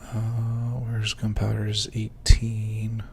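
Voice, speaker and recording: A Minecraft server admin sits indoors at his computer, thinking aloud and muttering numbers as he works out prices, hiccuping along the way. His lowish voice is completely flat, slow, and darkish with vocal fry, over a little hiss or hum.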